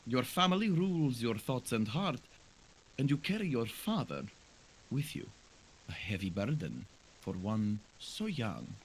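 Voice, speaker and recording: A man voicing a mysterious female fortune teller reading tarot cards, slow and portentous. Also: mid-range voice, very animated, slight background noise. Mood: solemn. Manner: slow, solemn, portentous delivery.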